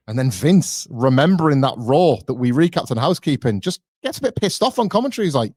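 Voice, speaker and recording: A man co-hosting a casual podcast, animated, acting out quotes in a rising voice. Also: mid-range voice, quick pace, few pauses, no echo, clean studio sound. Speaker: podcast co-host.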